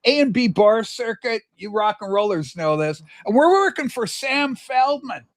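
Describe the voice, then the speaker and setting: An older man from Canada, co-hosting a casual livestream and telling a rambling story with lively asides. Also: very high voice, moderate pace, dry recording. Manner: animated, jumps between asides and acted quotes. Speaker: livestream co-host.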